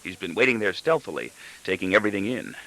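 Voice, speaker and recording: A man narrating a novel aloud in the first person, with an expressive, brooding delivery. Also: deep voice, fast, low-quality recording. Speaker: audiobook narrator.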